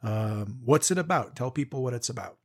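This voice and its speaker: A man's voice: medium pitch, expressive, a little fast, breathy edge. A man hosting a casual interview, stumbling a little over his words as he steers toward the next topic. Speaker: podcast host.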